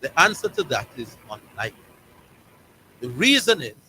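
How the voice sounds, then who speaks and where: Jamaican man, sports talk host, bright forceful tone, hammers his points home with repetition. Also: mid-range voice, big pitch swings, moderate pace, a little hiss or hum, poor audio. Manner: emphatic, repeats words and phrases for stress.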